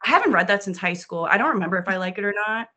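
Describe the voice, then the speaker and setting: A woman from New Orleans talking in a loose, casual podcast chat. She is animated and swears freely, and she often acts out her own reactions mid-sentence. Her voice sits at a middle pitch. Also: racing, husky.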